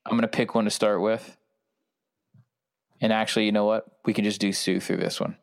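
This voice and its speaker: Man, deep voice, casual sports podcast co-host, rambling. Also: level tone, fairly quick, vocal fry. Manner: rambling, self-interrupting, offhand.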